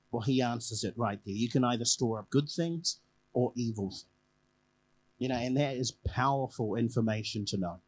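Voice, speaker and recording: A man's voice: medium pitch, low-quality recording. A man preaching a conversational evening sermon, telling a personal story and repeating key phrases for emphasis.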